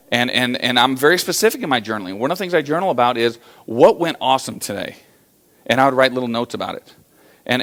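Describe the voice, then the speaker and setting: A man's voice: mid-range voice, fairly bright tone. Folksy male motivational speaker on stage. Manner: folksy storytelling, conversational. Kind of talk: live keynote talk.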